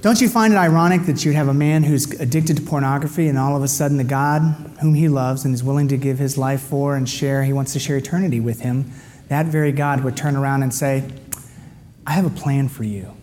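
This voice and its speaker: A middle-aged man giving an animated storytelling testimony, his voice leaping up with excitement as he acts out dialogue. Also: medium pitch, fast talker, a little hiss or hum. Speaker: speaker giving a personal testimony.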